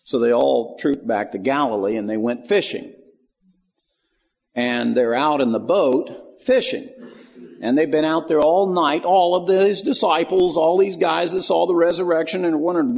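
Man teaching scripture with a gravelly voice. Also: a little high, unhurried, in a large hall, highs cut off. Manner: folksy storytelling, acts out quoted lines. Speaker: Bible teacher. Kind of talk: Bible teaching.

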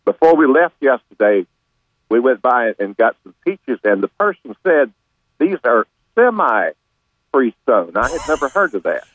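Older male guest, rambling, stumbles on repeated words, mid pitch, tinny line. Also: lively intonation, moderate pace, dry recording. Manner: rambling storyteller with many repeated words and restarts.

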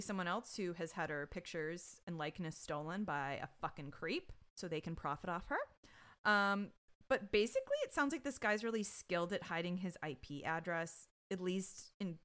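A woman co-hosting a podcast, recapping a TV episode in expressive casual chat with some swearing. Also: on the low side, normal speed. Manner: bright, expressive, swears freely. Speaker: podcast co-host.

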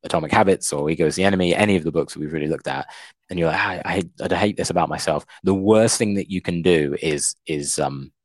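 A man's voice: low voice, fast talker, dry recording. A man co-hosting a book-discussion podcast, thoughtful and a little hesitant. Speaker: podcast co-host, English teacher. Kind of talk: casual book-discussion chat.

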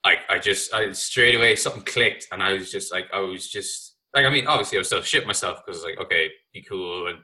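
A man's voice: deep voice, fairly quick, hardly any pauses, sharp tone, low-quality recording. A young Irish man talking casually as a podcast guest, rambling with lots of fillers and swearing. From Ireland. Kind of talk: casual chat.

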